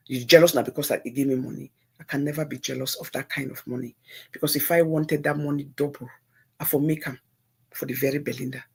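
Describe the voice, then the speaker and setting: A woman's voice: sits low, a little mellow, slightly rough. A middle-aged Nigerian woman hosting a live-stream call-in show, talking earnestly and pleadingly, repeating herself and slipping into pidgin. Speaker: livestream host.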